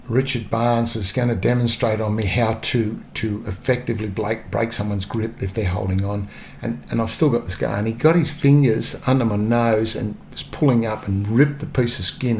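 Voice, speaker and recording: Gravelly Australian man in his sixties. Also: fairly low pitch, darkish tone, a little hiss or hum. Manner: anecdotal, chuckling often, acts out quoted lines. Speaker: interview guest, former police officer. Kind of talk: casual storytelling interview.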